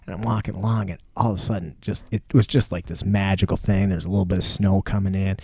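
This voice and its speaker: A man from southern Minnesota hosts a casual podcast with a low, gravelly, mellow voice. He rambles through profane stories and laughs often. The sound is close and dry. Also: flat delivery, fast talker, no room sound. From southern Minnesota, USA. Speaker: podcast host. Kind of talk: casual chat and storytelling.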